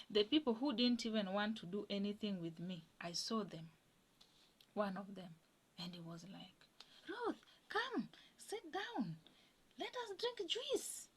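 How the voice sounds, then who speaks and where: Young woman giving an earnest testimony. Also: mid-range voice. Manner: earnest and animated, drops to a hush when moved. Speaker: guest sharing a personal testimony. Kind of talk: personal testimony storytelling.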